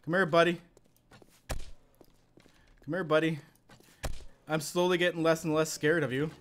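Faint music plays behind a young Canadian man as he streams a survival game, his fairly high voice keeping a moderate pace broken by long pauses. He comments casually, turning excitable and yelping and laughing in panic when things go badly.

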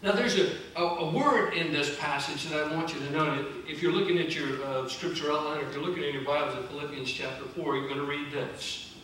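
A high-pitched man preaches to his congregation, talking plainly and pressing his points with repetition. His voice rings through a very reverberant church, picked up from a distance with a faint hiss underneath. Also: brisk, a bit bright. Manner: conversational, emphatic preaching with repeated phrases. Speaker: pastor. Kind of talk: sermon. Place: church sanctuary.

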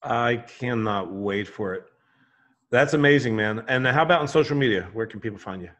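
A man's voice: medium pitch, moderate pace, fairly bright tone, lo-fi sound. A man hosting an interview podcast, upbeat and loose, laughing often and using casual slang. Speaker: podcast host.

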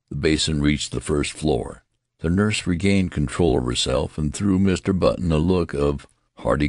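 A man narrating an audiobook in a measured, expressive storytelling manner. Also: rumbling low, vocal fry, dry recording, studio quality. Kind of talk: scripted narration.

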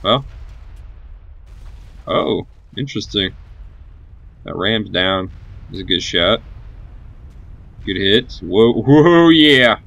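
Man, gameplay commentary, unhurried delivery, bright forceful tone, cheers his units on. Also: fairly low pitch, lively intonation, gravelly, muffled recording. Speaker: gaming channel host.

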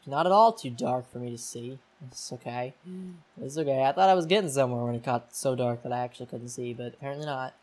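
Casting: young male gamer, rambling commentary, mid-pitched, mutters to himself. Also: fast, darkish tone. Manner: rambling, self-mocking, muttering. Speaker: gaming YouTuber. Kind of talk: casual gameplay commentary.

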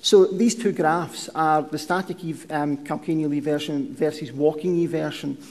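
Guy giving a talk, kinda high voice, lots of ums, echoey hall. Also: fairly even intonation, darkish tone. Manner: measured, explanatory, frequent ums and restarts. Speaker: podiatry researcher giving a lecture. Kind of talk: conference presentation. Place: lecture hall. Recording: reverberant lecture hall.

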